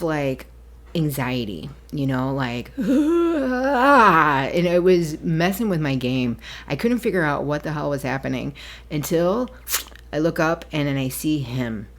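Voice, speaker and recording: Woman, low voice, solo podcast host, rambling and chatty, laughs easily. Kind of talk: casual solo podcast monologue.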